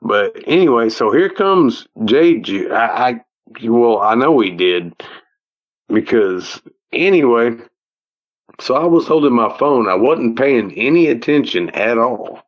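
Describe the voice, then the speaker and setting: A man's voice: mid-range voice, animated, unhurried. A man with an Ozark Southern accent telling a personal story in a rambling, folksy way, repeating himself as he goes, heard over a phone call. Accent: Ozark Southern American. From Ozark Mountains, United States. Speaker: guest telling a personal encounter. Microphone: phone call audio.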